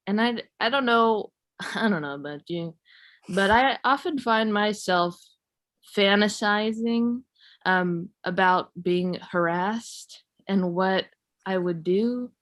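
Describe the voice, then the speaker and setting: A young woman from California doing a stand-up comedy set, rambling and self-mocking in a deadpan way. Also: medium pitch, slow. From San Jose, California.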